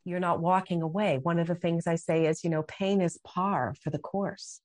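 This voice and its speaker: A woman's voice: fairly low pitch, fairly even intonation, normal speed, a little mellow, dry recording. A middle-aged woman speaking passionately as a guest on a faith interview, acting out her own prayers and quotes. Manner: impassioned, dramatic acted-out quotes.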